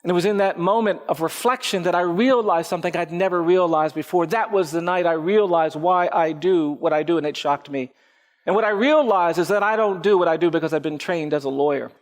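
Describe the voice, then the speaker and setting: A lawyer telling a personal story in a public speech, with measured, repetitive rhythmic phrasing. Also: male voice, high voice. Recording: echoey hall with faint music.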